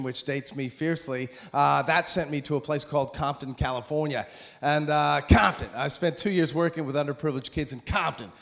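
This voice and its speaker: An excitable American man in his forties delivers a lively motivational talk, joking with the crowd between points. His voice sits noticeably high for a man. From USA. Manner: excitable, animated, jokey. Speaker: motivational speaker.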